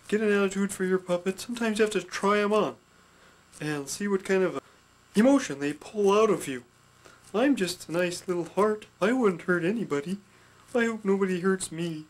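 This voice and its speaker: A man voicing a gentle little heart puppet with an attitude, soft-spoken and sweet while teaching about puppet characters. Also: high-pitched, close to an everyday voice. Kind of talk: puppet instruction skit.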